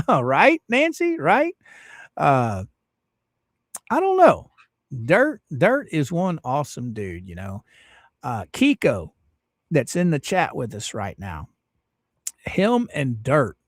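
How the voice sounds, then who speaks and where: A man's voice: medium pitch, no echo, clean studio sound. A middle-aged man hosting a casual livestream from home, reading chat messages aloud and laughing often. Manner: chatty, laughs often, animated rises. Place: home streaming setup.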